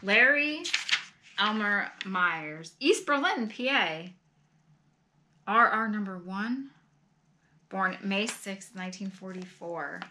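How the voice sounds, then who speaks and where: A middle-aged woman with a bright, forward voice talks casually while opening mail at home. She gushes and exclaims, sighing and laughing softly as she goes. A faint hum of noise sits under the recording. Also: medium pitch, slow pace. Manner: gushing and exclamatory; often sighs and laughs softly. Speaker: vlogger opening fan mail. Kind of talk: casual chat.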